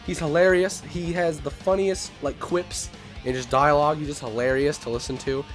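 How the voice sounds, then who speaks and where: A man's voice: on the high side, fairly even intonation, moderate pace, faint music behind. A young man hosting a casual video, rambling and laughing as he talks, often repeating himself. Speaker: YouTube host. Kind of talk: casual ranking commentary.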